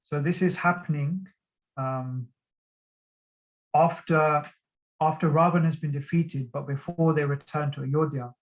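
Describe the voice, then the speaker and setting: Man with a slightly high voice, telling a devotional story. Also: low-quality recording. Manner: earnest, unhurried retelling with frequent pauses. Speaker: devotional speaker.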